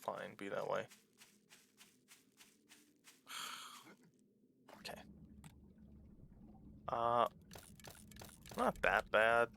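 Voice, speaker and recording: A man talks through his game in a loose, rambling way, candid and quick to swear. His voice carries a gravelly fry and a bright edge. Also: fairly low pitch, little pitch movement, slight background noise. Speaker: small YouTuber playing a game. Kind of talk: casual let's-play commentary.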